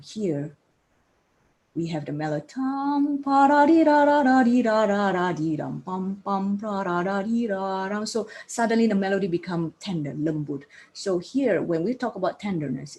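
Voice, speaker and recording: A woman's voice: deep voice, gravelly, darkish tone, a little hiss or hum. A woman giving a piano lecture, explaining points and putting questions to her students. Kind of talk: music lecture. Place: music studio.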